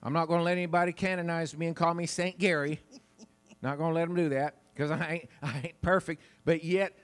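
A man's voice: on the high side, fairly even intonation, brisk. A man preaching a sermon into a wireless mic in a church, in a chatty, folksy way and laughing often. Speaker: pastor. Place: church sanctuary. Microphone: wireless handheld mic.

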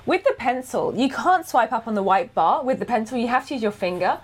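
A woman co-hosting a casual chat, excitable and giggly. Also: a little high, brisk. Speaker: co-host.

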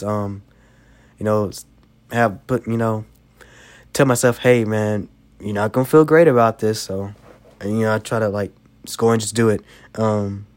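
A young man who is sick and coughing, hosting a podcast and giving casual life advice in a rambling way, full of "you know" fillers. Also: lowish voice. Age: young adult. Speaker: podcast host.

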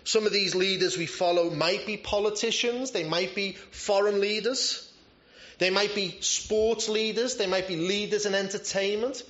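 A man's voice: high-pitched, moderate pace, fairly bright tone. A man preaching a sermon in a conversational way, with self-deprecating humor. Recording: roomy, slightly dull church recording.

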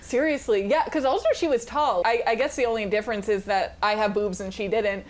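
A young woman co-hosting a podcast, telling a family story in casual chat, animated and laughing, with the odd swear. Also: medium pitch, fairly quick, a crowd in the background. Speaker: podcast co-host.

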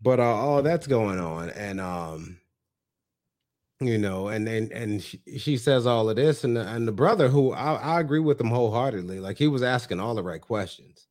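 A man co-hosting a podcast, telling a story in a relaxed, chatty way. He laughs often and slips into quoted voices. His speaking voice sits at an ordinary middle pitch. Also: moderate pace. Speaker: podcast co-host. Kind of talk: casual recap chat.

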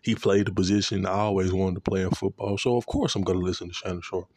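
A man in a casual, profane sports rant, animated and repeating himself, aimed at a commentator. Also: deep voice, fast talker, a little hiss or hum.

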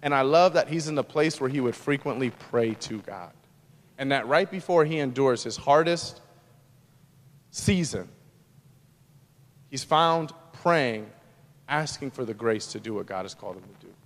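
A man pastor preaching a sermon, moving between loud, emphatic lines and hushed, quiet ones. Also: medium pitch, lively intonation, a little slow, long pauses, long reverb tail.

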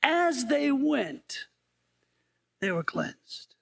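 A man's voice: very high voice, very animated, very slow, vocal fry, a bit bright. A male interim pastor preaching a sermon in a conversational way, often asking the congregation playful questions.

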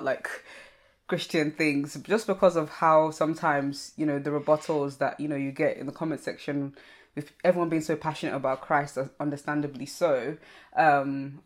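A young podcast host chatting casually and at length. The host rambles with many likes and you knows and pokes fun at themself. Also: mid-range voice.

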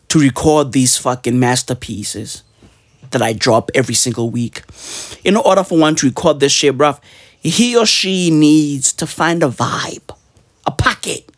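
A man delivering a profane, slang-heavy comedic rant on his weekly show, full of mock outrage and sudden high shouts. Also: no echo, clean studio sound. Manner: profane, animated, peppered with slang. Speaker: comedy podcaster.

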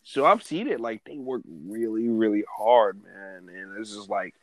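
A man's voice: fairly low pitch, lively intonation, unhurried, dry recording, poor audio. A man in casual conversation, telling a story loosely with many fillers. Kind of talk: casual chat.

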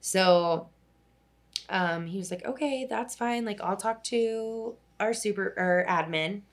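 Medium in pitch and slow in pace, a young woman tells a lengthy personal story in casual chat. A social worker by trade, she rambles, fills her speech with "like," and swears offhandedly at times.

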